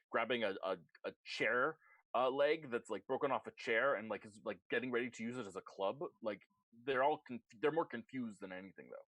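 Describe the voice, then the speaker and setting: A man narrating as game master in an online tabletop game, animated and quick to put on voices. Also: mid-range voice, no room sound.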